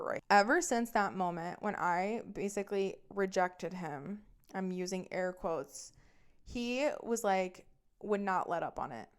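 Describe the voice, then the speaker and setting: A woman's voice: medium pitch, measured pace, smooth. A young adult woman telling a personal dating story as a podcast host, candid and profane, chatty with lots of filler words. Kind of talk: casual storytelling monologue.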